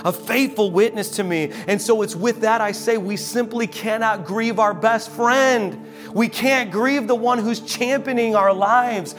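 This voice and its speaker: High-pitched guy preaching hard, goes soft at the end, music playing behind. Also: steady tone, measured pace. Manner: impassioned preaching, rising to emphatic peaks then dropping soft for prayer. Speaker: pastor. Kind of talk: sermon.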